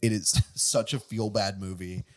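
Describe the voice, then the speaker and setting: A man hosting a casual movie review chat, excitedly recapping a plot with lots of fillers and restarts. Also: fairly low pitch, unhurried. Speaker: movie review podcast host.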